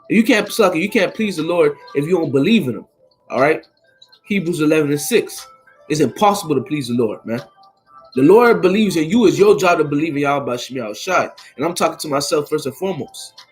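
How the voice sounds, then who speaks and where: A man's voice: a little high, low-quality recording. A man reading scripture and explaining it in an informal, conversational way, often adding "man" and "all right?" and stumbling over words. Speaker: Bible teacher.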